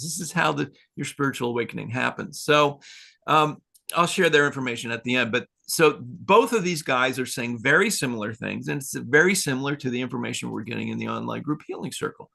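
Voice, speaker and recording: A man's voice: mid-range voice, creaky, sharp tone. A man hosting a spiritual talk show, telling stories in a loose, rambling way with small chuckles. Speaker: podcast host.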